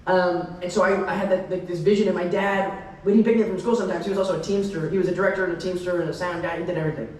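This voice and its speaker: A young man on a convention panel, telling rambling, excitable stories full of tangents and laughter. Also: high-pitched, rapid-fire, few pauses, recorded from a distance. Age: young adult. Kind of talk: rambling anecdotal Q&A. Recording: echoey hall, mic heard from afar.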